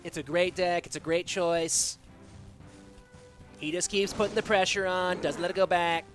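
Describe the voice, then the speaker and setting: Guy casting a game stream, slightly high voice, chats w viewers, music going behind. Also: fairly even intonation, normal speed, fairly bright tone. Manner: chatty and joking, answers chat between plays. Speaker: esports caster. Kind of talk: live game commentary. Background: background music.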